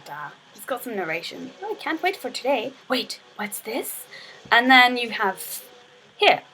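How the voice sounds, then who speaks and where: A woman's voice: a little high, a bit bright, a little hiss or hum, rough recording. A young woman casually streaming her game development work, chatting in a rambling way full of fillers and restarts. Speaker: game dev student streamer. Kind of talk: casual live stream chat.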